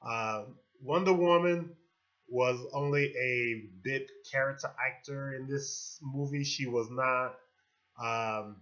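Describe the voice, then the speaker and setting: A man talks through a film review in a loose, rambling way, stopping on fillers and restarting his sentences. His voice is bright and forward. The recording sounds dull and lo-fi. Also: mid-range voice. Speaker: movie reviewer. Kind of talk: casual spoken movie review.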